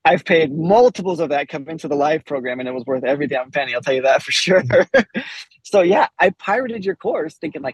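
A man's voice: fairly high pitch, lively intonation, a little fast, slightly rough, dry recording, rough recording. A man in his forties, a podcast guest, candidly telling a personal story with frequent laughs and restarts.

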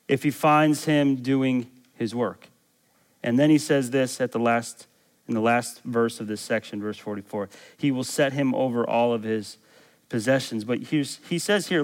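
A man who is a pastor, preaching a sermon in an emphatic way, reading scripture aloud and putting questions to his listeners. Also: medium pitch. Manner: emphatic, rising to excited exclamations.

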